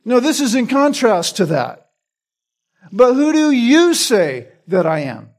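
A man with a high voice teaches a passage of scripture verse by verse. He talks in an easy conversational sermon style, restarting phrases and often checking in with a quick "right?". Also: a little mellow. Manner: repeats words while teaching, asks "right?". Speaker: pastor. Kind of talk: expository Bible teaching.

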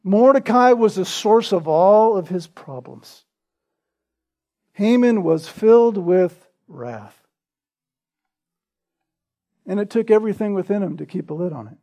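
A man preaching a sermon with a notably high, light voice. His tone is mellow and warm rather than bright. He tells his stories conversationally and keeps checking in with the congregation through rhetorical questions. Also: animated, a little slow, long pauses. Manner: conversational storytelling, asks the listeners rhetorical questions. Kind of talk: expository sermon.

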